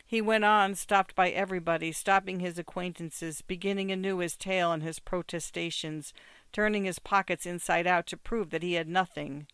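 A storyteller reading literary short stories at an even, measured pace. The voice is smooth and clear, and the recording is close and dry with no room sound. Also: medium pitch, no echo. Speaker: narrator. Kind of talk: scripted narration of short stories.

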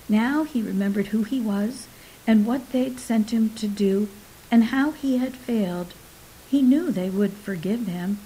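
A woman reading short stories aloud in a steady, measured way, dropping softly into a whisper at times. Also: medium pitch, low-quality recording. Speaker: story reader. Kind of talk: scripted narration of short stories. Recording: faint hiss behind voice.

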